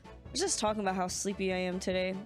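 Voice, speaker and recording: A young woman streamer with a medium-pitched voice chats casually and sleepily during a let's-play, reading the game's lines aloud at a quick pace. Faint music plays behind her.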